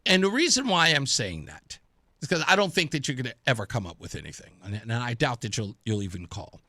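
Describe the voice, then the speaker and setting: A man's voice: medium pitch, fairly quick, dry recording. Combative talk radio host, man. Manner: taunting, combative, gets loud and excited. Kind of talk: conservative talk radio monologue. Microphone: studio microphone.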